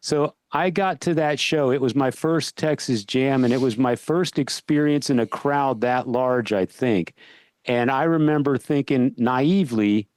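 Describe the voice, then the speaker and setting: A man hosting a podcast, chatting casually and telling a long, lively story before asking his guest a question. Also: medium pitch, a little slow, dry recording. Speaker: podcast host. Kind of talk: casual interview chat.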